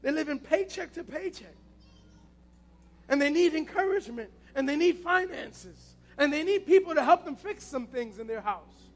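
A man's voice: very high voice, lively intonation, normal speed. A man preaching a passionate sermon as pastor, repeating his key phrases.

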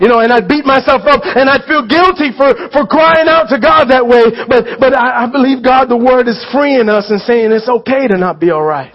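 High-voiced earnest male pastor preaching. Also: normal speed, few pauses, dull audio. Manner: earnest, conversational, checks in with the congregation; repeats and restarts phrases, builds to shouted pleas. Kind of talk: sermon.

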